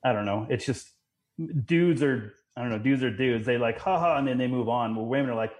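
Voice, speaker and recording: A young man and father, a podcast guest, talking casually in halting sentences. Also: mid-range voice, darkish tone. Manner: halting, full of fillers and restarts.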